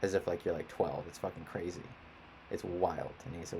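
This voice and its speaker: A man's voice: sits low, fairly even intonation, a little fast, noisy background. A young man venting in a casual, rambling monologue, frustrated and swearing often. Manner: frustrated, profane, rambling rant. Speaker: independent musician and artist.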